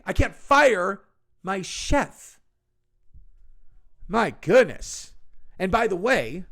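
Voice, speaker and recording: A man's voice: high-pitched, pitched above the performer's own voice. A man voicing a snobbish, out-of-touch rich woman who speaks in an indignant, mocking tone.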